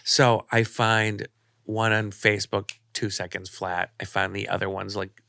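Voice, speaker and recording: A man with a low, gravelly voice and a bright, forward edge tells a story in conversation, acting out the dialogue as he goes. The sound is dry and close, with no room around it. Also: monotone, measured pace, no echo. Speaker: podcast guest, artist and author.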